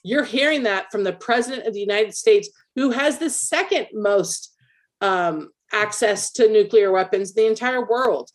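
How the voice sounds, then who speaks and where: A woman's voice: mid-range voice, normal speed. Emphatic opinionated woman podcaster. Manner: emphatic, opinionated, explains at length. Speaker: podcast co-host; military veteran. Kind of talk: casual political chat.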